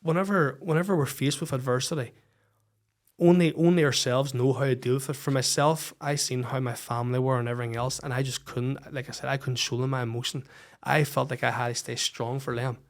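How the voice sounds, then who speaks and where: A Northern Irish man sits in as a podcast guest and tells his life story in a frank, unfiltered way, swearing freely. His voice sits at an ordinary middle pitch for a man. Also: steady tone, brisk. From Northern Ireland. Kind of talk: personal storytelling in a podcast interview.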